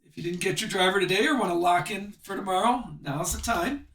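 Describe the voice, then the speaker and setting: A man's voice: sits high, brisk, a bit bright, far from the mic. A man hosting a live trading card break stream, chatting upbeat as he opens packs and calls out each card. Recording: echoey room, voice a bit off-mic.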